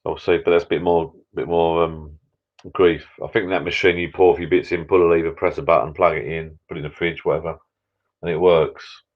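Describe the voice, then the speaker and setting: Bloke, very low voice, rambling live-stream host, dull lo-fi sound. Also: male voice, little pitch movement, a little fast. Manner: rambling, chatty, self-interrupting, grumbling. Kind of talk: casual chat with viewers. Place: backyard pub shed.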